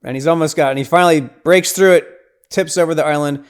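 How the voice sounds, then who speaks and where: Guy with a smooth, resonant voice chatting through a movie recap, lots of "like", "right?". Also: a little high, steady tone, fast. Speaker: podcast host. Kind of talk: casual scene-by-scene film recap.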